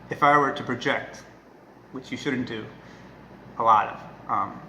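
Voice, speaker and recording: A man talking casually to the camera as a dog trainer, earnest and emphatic, often checking in with a quick "right?". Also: medium pitch, sharp tone. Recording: echoey room with faint noise.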